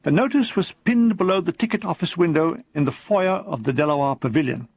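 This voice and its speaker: A man reading his own comic war memoir aloud as an audiobook, with a dry, deadpan delivery and quick put-on voices for the people in the story. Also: a little high.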